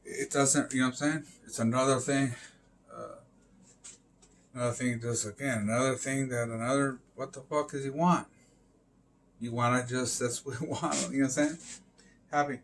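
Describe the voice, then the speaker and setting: Male streamer, middle pitch, loose filler-heavy rambling with curses, light background noise. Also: steady tone, moderate pace, pauses often. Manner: rambling, filler-heavy, swears, emphatic "boom" interjections. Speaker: live stream host. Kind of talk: casual rambling monologue.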